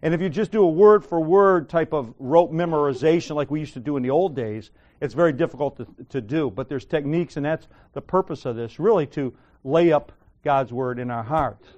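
Higher-voiced man teaching a Bible class. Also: brisk, a little mellow, dull audio. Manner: joking, conversational, encouraging.

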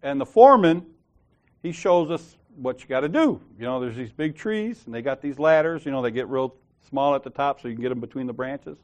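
A man's voice: medium pitch, expressive, a little fast. A man leading a church group, talking casually and telling a story in a laughing, slangy way. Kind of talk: casual storytelling and Bible discussion.

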